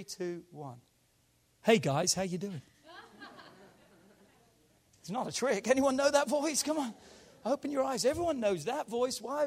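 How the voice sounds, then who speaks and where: A man, a church pastor, preaching a conversational sermon to his congregation, now hushed and quiet, now rising with emphasis. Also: high-pitched.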